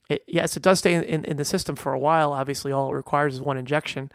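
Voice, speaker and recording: A man's voice: on the high side, little pitch movement, fast talker, gravelly, no echo, studio quality. A middle-aged man, a veterinarian, talking casually and earnestly, stressing points with restarts and fillers. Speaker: veterinarian and podcast host. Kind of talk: casual monologue.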